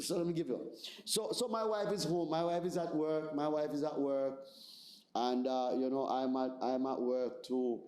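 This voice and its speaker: Jamaican pastor guy giving a seminar talk, mellow voice, lots of room echo, keeps saying right?. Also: mid-range voice. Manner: conversational, repeats words, asks "right?". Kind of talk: seminar teaching. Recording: roomy echoey room.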